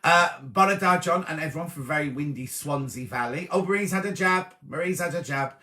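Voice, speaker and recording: A man's voice: a little high, brisk, pushed and bright. A middle-aged man, hosting a live sewing show and chatting away as he greets viewers by name and reads out their comments. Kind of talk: casual live-stream chat, reading out viewer comments.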